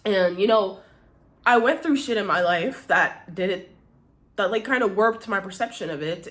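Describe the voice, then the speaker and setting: A young woman talks straight to the camera in a candid confessional vlog. Her talk rambles, with restarts and frequent swearing, and her voice sits at a middle pitch. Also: a bit bright. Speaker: YouTuber.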